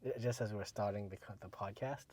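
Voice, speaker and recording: A man co-hosting a casual podcast, rambling with many fillers and letting his sentences trail off quietly. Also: lowish voice, fairly even intonation, fast. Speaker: podcast co-host.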